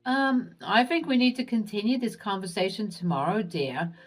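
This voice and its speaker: A woman voicing a scheming older mother-in-law who talks slowly in a honeyed, falsely sweet way. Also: medium pitch, lively intonation, faint music behind, close to an everyday voice. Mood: evasive. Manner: slow, syrupy, honeyed.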